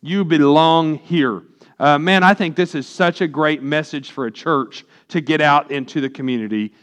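High-voiced man preaching a sermon. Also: a bit bright. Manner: reads scripture slowly, asks the congregation questions. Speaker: pastor.

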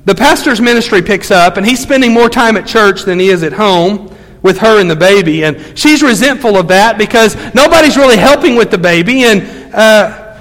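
A man's voice: high-pitched, animated, moderate pace, fairly bright tone, in a large hall, poor audio. A man preaching a storytelling sermon as a pastor, talking in a loose, conversational way full of fillers and restarts.

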